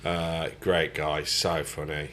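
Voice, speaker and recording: Deep-voiced man, slangy banter. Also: flat delivery, takes it slowly, slight background noise. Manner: slangy, swearing, laughs loudly. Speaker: podcast co-host. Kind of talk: casual chat.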